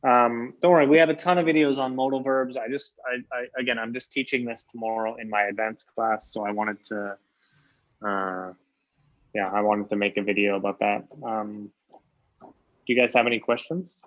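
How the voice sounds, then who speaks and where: A man teaching English grammar in a relaxed, chatty way, full of fillers and restarts. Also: medium pitch, normal speed. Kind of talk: casual teaching chat. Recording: dull lo-fi sound.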